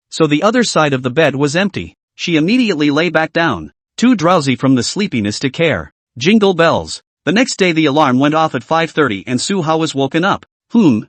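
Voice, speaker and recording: Male recap narrator, animated, fairly high voice, brisk and plain. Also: dry recording. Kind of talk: scripted story narration.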